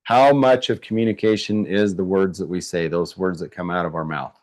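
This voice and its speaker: Low-voiced guy running a workshop over a video call, chatty, lots of ums, keeps telling people to put answers in the chat. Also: fairly even intonation, normal speed, darkish tone. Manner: conversational, thinks aloud with fillers and restarts; asks the audience to answer in chat. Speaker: workshop presenter. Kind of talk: online workshop teaching.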